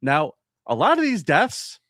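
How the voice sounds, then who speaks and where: A male podcast co-host tells a true-crime story through casual banter, acting out quotes animatedly with big jumps in pitch. He speaks at a measured pace, and the studio-quality recording has no room sound.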